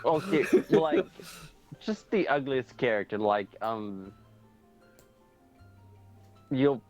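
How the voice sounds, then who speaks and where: A man in a casual gaming chat, excitable and rambling with lots of "like" fillers. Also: medium pitch, slow pace, music in the background.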